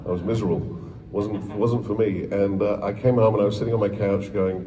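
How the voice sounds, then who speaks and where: A man's voice: fairly low pitch, steady tone, a little fast, dark tone, a little hiss or hum. British man telling stories in an echoey hall. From England. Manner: rambling, self-deprecating, with many restarts. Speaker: panel guest, voice actor. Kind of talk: anecdotal storytelling on a panel. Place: large convention hall, filmed from the audience. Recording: distant, echoey convention hall recording.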